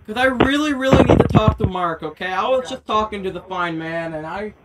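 A prank caller, mocking call center agents on speakerphone with bursts of excited yelling. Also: mid-range voice, brisk, heavy background noise.

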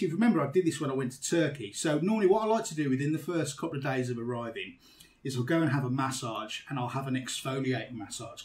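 A man's voice: medium pitch, far from the mic. A British man hosting a podcast, telling a holiday story in casual chat and laughing often. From Britain. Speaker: podcast host.

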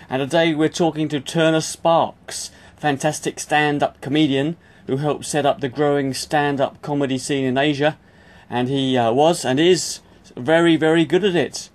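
Brief: male podcast host, friendly intro, slightly raised pitch. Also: steady tone, moderate pace, few pauses.

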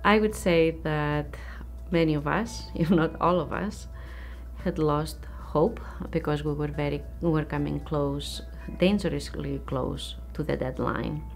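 A woman's voice: deep voice, measured pace, faint music behind. A woman scientist speaking in a documentary interview in an earnest, thoughtful way. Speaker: lab scientist.

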